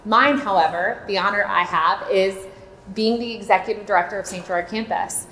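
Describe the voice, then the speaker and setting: Speaking at a church seminar, a maternity home director from Florida, in her late thirties, opens up in an earnest, heartfelt testimony. Her voice is medium in pitch, a bit bright, and moderately paced, echoing through the church hall.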